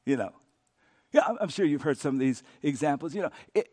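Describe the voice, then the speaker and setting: Animated high-voiced preacher. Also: male voice, a little fast. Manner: storytelling, animated, with dramatic rises and hushed repeats. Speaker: pastor. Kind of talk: sermon. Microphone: podcast recording of a sermon.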